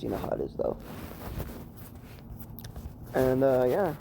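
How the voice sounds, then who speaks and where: A man's voice: mid-range voice, big pitch swings, slow pace, gravelly, pauses often, background noise. A man casually retelling a fan story at home, rambling and swearing, with lots of fillers. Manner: rambling, profane, heavy with fillers. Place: room at home.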